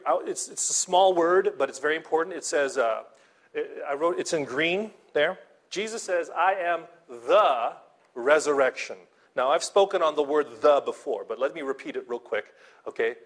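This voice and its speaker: A male pastor preaching a sermon in a conversational way, often checking in with his listeners and repeating himself as he talks. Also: fairly high pitch. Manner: conversational, checks in with "okay?" and "right?"; repeats and restarts words, laughs lightly.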